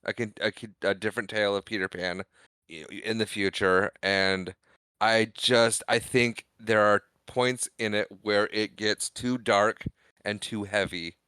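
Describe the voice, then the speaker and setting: Measured man giving film opinions. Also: lowish voice, fairly even intonation, pushed and bright, clear, resonant tone, dry recording. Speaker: podcast co-host. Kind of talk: casual film review.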